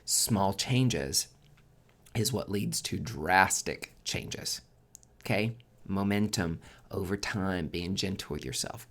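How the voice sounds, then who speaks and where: Lowish-voiced guy doing a chatty tarot reading, swears a lot, gets loud then drops to a whisper. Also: slow pace. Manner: chatty and expressive, swearing freely, swinging between loud emphasis and near-whispers. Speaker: tarot reader and podcast host. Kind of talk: casual tarot forecast monologue.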